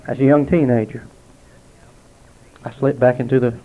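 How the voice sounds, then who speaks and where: A man giving a heartfelt spoken testimony to a gathering at a restaurant, telling stories with dramatic pauses. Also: medium pitch, steady tone. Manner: earnest, storytelling with dramatic pauses. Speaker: lay speaker giving testimony. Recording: tinny, narrow-band lo-fi recording.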